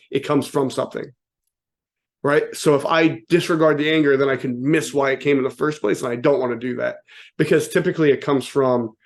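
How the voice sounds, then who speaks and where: A man's voice: medium pitch, vocal fry, a little mellow. A man giving a casual, joking motivational talk to an audience, often asking "right?" and acting out quotes with sudden voice changes. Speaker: motivational speaker.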